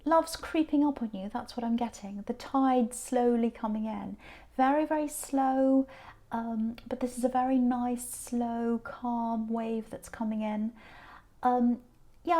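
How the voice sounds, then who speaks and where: A woman giving a rambling, casual tarot reading, repeating phrases and dropping into soft asides. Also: fairly high pitch. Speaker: tarot reader.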